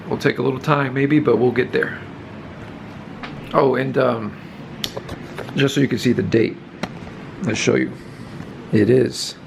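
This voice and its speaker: A man's voice: medium pitch, vocal fry, noisy background. A man hosting his own channel, chatting casually and upbeat about reaching subscriber milestones. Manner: upbeat, laid-back, celebrating milestones. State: scratchy just-woke-up voice. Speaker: YouTube channel host. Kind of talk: casual check-in vlog.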